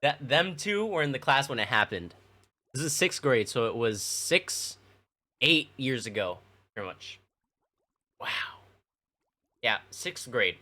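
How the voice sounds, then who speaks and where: Animated, swearing young male streamer. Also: mid-range voice, unhurried, long pauses. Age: young adult. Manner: rambling, profane, lots of fillers. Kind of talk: casual storytelling to chat.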